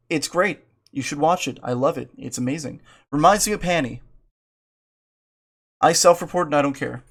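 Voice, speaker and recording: A man's voice: on the high side, moderate pace, pauses often, a bit bright. Man, casual game commentary, playful, jokey, self-mocking, reads a visual novel aloud. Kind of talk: casual let's-play commentary.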